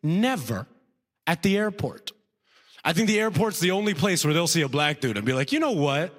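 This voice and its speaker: A man's voice: fairly high pitch, lively intonation, moderate pace, a bit bright. Stand-up comic, man, hall reverb. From Alberta, Canada. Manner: conversational, frequent "right?" asides, drawled impressions. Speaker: stand-up comedian. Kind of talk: stand-up comedy set. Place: comedy festival stage before a live audience.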